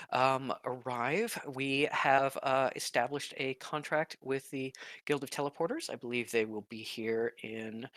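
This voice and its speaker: A man's voice: mid-range voice, fairly bright tone, no room sound, natural voice. A man voicing a prim, overly polite woman cleric who heads a church, flustered and stammering.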